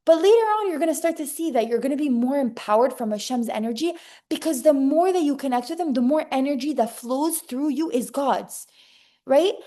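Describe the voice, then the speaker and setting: A young woman with a fairly high voice teaches a casual religious class. She is emphatic and animated, and she keeps looping back with "okay?" and repeated phrases. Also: a little fast. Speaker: Torah teacher giving a class to women.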